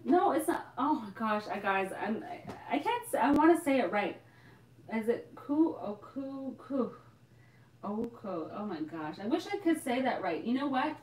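A woman's voice: fairly high pitch, big pitch swings, measured pace, darkish tone. A young woman hosting a casual live Q&A, bubbly and chatty, laughing often and exclaiming as she answers viewers. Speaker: host of a live Q&A for a hair care shop. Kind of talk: casual live-stream chat. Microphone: phone. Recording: roomy, from a distance off the mic.

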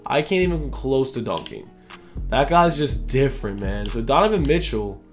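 A man's voice: mid-range voice, big pitch swings, moderate pace, soft background music. A young man giving casual, slangy commentary over a video game, thinking aloud as he goes. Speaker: gaming YouTuber.

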